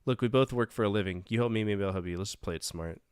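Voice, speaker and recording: A man's voice: on the low side, fast, clean tone, no room sound, studio quality. A man playing a detective game, reading its narration aloud and adding wry comments. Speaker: let's-play streamer.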